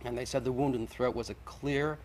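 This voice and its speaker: A man's voice: mid-range voice, steady tone, quick pace, a little mellow, poor audio. A man, the guest in a televised debate, arguing insistently and methodically, point by point.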